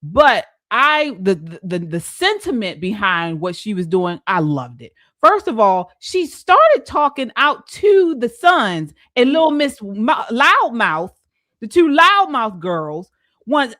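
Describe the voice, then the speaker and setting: A woman hosting a live panel talk, giving her opinions in a lively, outspoken way. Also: a little high, takes it slowly, dry recording, studio quality. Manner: animated, opinionated. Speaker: show host.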